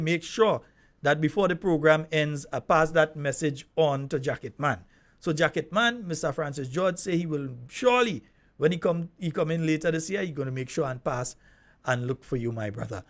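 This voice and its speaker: A man with a Grenadian accent hosting a call-in radio show, telling stories with lively, easy laughter. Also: a little high. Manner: lively storyteller, laughs easily.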